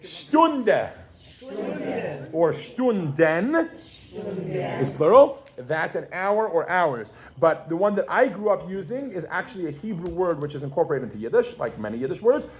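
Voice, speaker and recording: A pregnant woman leads a classroom lesson in a casual, animated way. She keeps firing questions at her students and talks with easy fillers and restarts. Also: lowish voice, normal speed. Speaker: Yiddish teacher.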